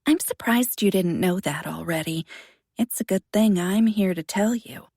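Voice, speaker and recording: A woman voicing a calm, coy, cruel teenage girl who taunts in a soft half-whisper. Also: medium pitch, moderate pace, breathy edge, no echo, studio quality. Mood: coy taunting.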